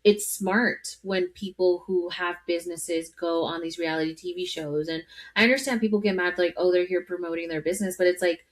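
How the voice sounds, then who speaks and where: A woman's voice: lowish voice, steady tone, moderate pace, few pauses. A woman co-hosting a podcast in casual chat, talking with lots of fillers and often overlapping her co-host.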